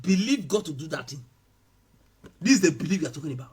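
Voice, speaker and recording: A man preaching a sermon, swinging between loud shouted passages and quiet asides. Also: a little high, sing-song, fast talker, slightly rough. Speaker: pastor.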